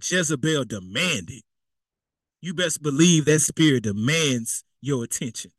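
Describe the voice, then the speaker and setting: A man's voice: fairly high pitch, animated, unhurried, fairly bright tone, dry recording. A man preaching a sermon in a casual, conversational way, repeating himself and throwing in asides. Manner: conversational and repetitive, with spoken asides.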